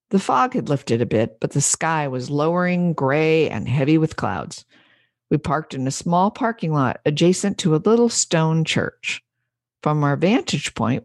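A woman's voice: deep voice, darkish tone, no room sound, studio quality. Woman reading a story aloud. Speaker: podcast host and business coach.

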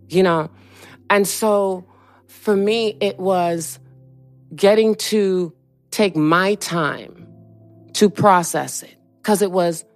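A woman being interviewed, telling a personal story in an animated way and acting out what other people said to her. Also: on the low side, unhurried, soft background music. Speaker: interview guest.

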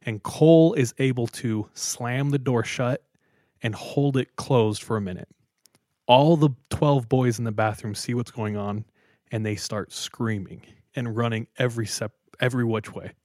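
A man's voice: medium pitch, a little slow, no echo, studio quality. A man co-hosting a podcast, telling a story casually and acting out the quoted lines with bursts of laughter. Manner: animated, acts out quotes, laughs often. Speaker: podcast co-host.

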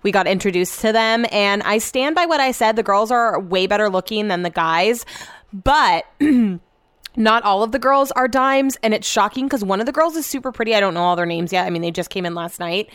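A woman's voice: mid-range voice, lively intonation, moderate pace, clear, resonant tone, dry recording. Chatty young woman, dry close sound. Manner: chatty and rambling, full of "like" fillers and casual swearing. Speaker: vlogger. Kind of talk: casual chat to viewers.

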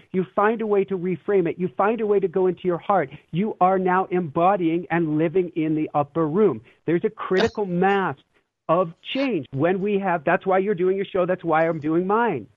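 A guest with a high-pitched voice talks a little fast in a steady tone, reflecting earnestly on love and fear and often breaking into laughter. It is a casual spiritual conversation, recorded dry with a tinny phone-line sound.

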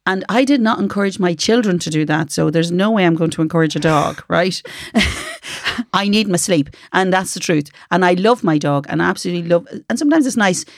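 A woman's voice: on the low side, a little fast, no echo, studio quality. A middle-aged Irish woman co-hosting a podcast in casual, laughing chat. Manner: chatty, laughing, reads listener letters aloud. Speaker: podcast co-host.

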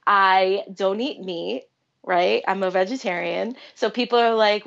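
A woman guest with a gravelly edge talks in a bubbly, chatty way, quick to laugh. Her voice comes through muffled and lo-fi. She speaks at an everyday middle pitch. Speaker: guest artist. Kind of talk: casual interview chat.

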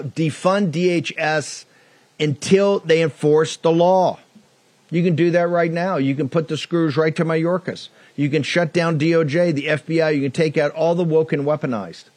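A man hosting a political talk show, delivering a combative, mocking monologue that climbs into loud outbursts. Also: a little high, no room sound.

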